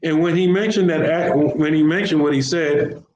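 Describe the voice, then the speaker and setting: A man's voice: fairly high pitch, fairly even intonation, normal speed, a little mellow. A man teaching an informal religious lesson, talking conversationally in everyday slang and often repeating his phrases. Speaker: Islamic teacher. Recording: roomy echo with faint background hiss.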